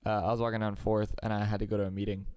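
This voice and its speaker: A man's voice: lowish voice, level tone, rapid-fire, a little mellow, clean tone, no room sound. A man hosting a podcast, telling a story in a rambling casual way full of restarts and fillers. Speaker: podcast host.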